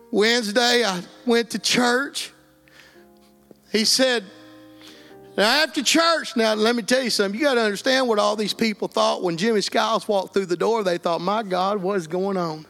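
An earnest, plainspoken middle-aged man from Texas, with an East Texas accent, tells his life story as a guest offering emotional testimony. He has a very high, somewhat bright voice.

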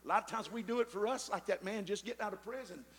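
A man preaching a sermon, punctuating with amens and rising to shouted peaks. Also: high-pitched, quick pace, breathy edge, long reverb tail, a faint crowd. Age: 50s. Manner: builds to shouted climaxes, chanting amen.

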